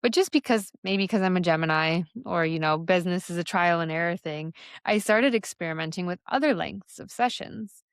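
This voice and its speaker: A young adult woman, a podcast host and somatic embodiment coach, reflects on her coaching work in a solo episode, speaking candidly and loosely with plenty of fillers. Her voice sits on the low side and moves fairly quickly with a smooth quality. The studio sound is clean, with no echo.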